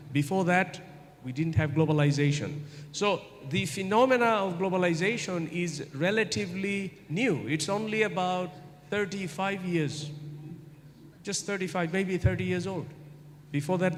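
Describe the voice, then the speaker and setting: A man's voice: high-pitched, moderate pace. A middle-aged man giving a university guest lecture, who asks his audience rhetorical questions and repeats points for emphasis. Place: large lecture hall. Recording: echoey hall, faint ambient noise.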